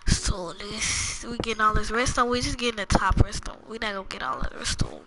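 A young woman giving a rambling, casual walkthrough of a video game, talking low with a sore throat and sudden loud bursts. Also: fairly quick, vocal fry. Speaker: gamer. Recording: loud music behind voice.

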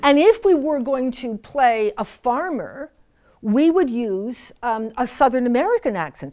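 Canadian woman in her sixties, playwright on stage, wry storytelling, self-mocking asides, fairly high voice. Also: lively intonation, a little slow, warm tone. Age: 60s. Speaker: playwright and actor giving a talk. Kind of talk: live talk to an audience, storytelling. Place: theatre festival venue with an audience.

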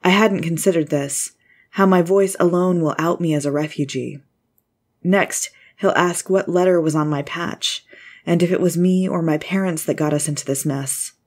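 A woman narrating a first-person story in a measured, scripted style. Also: fairly low pitch, a little mellow.

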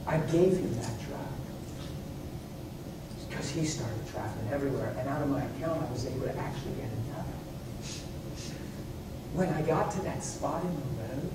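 Man, preacher, animated storyteller, hushed asides and high exclamations, booming echoey hall. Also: distant mic, background noise. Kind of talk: sermon with personal stories. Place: church meeting hall.

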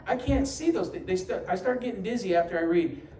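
Preaching as pastor in a church sanctuary, this New Yorker tells stories, drops humorous asides, and acts out the voices he quotes. He sounds high, animated, brisk, and dark in tone. Captured from a distance in an echoey hall, the audio carries faint ambience plus a little hiss or hum.

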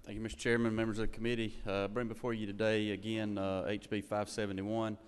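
A man with a very deep, flat voice presents a bill briefly and loudly. His tone is smooth and resonant. The chamber gives it a long echo. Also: fast. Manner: brief, loud and steady. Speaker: state legislator presenting a bill. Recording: echoey hearing room.

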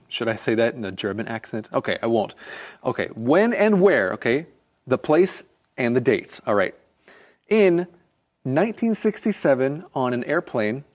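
A man co-hosting a scripted English lesson, reading quiz questions clearly in a playful manner. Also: medium pitch, big pitch swings, unhurried. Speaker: co-host of an English lesson show.

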